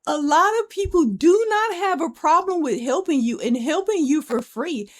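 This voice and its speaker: A woman's voice: high-pitched, normal speed. Blunt, profane young woman on a podcast. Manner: blunt, frank, profane, animated storytelling. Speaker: podcast co-host. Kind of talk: casual podcast chat.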